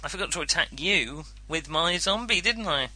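A man's voice: fairly high pitch, animated, normal speed, noisy background. A man narrating a tabletop horror game as game master, chatty, with frequent ums and laughs.

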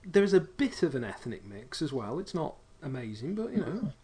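A man's voice: mid-range voice, sing-song, normal speed, a crowd in the background. A man from England running a tabletop game as game master, explaining at length with dry humor.

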